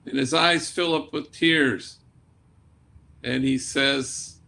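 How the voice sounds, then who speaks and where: A man who is a priest, telling a moving story in a conversational way, with gentle humor and a sprinkling of Spanish slang. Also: mid-range voice, fairly even intonation, slow pace, vocal fry. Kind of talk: storytelling talk. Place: remote talk.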